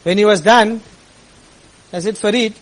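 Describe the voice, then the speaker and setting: A man's voice: high voice, a little slow, poor audio. A man, an imam telling a story in a sermon, earnest and at times rising to impassioned exclamations.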